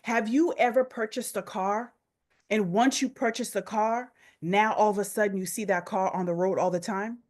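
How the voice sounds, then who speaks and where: A woman's voice: mid-range voice, fairly even intonation, moderate pace, darkish tone. Emphatic woman coaching a group. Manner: emphatic, repetitive, urging listeners directly. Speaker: business coach. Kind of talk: motivational coaching session.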